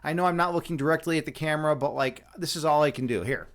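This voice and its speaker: A man's voice: on the high side, fast, a bit bright. A man hosting a live stream from his home setup, talking in a rambling, jokey way with many restarts. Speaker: livestream host, chess instructor and meditation guide. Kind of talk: casual live-stream chat.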